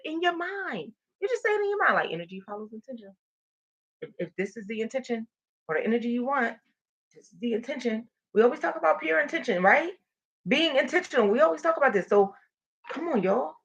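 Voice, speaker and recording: A woman's voice: high voice, fairly bright tone, highs cut off. A woman hosting a live stream, energetically encouraging viewers and reading their comments aloud. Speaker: motivational livestream host.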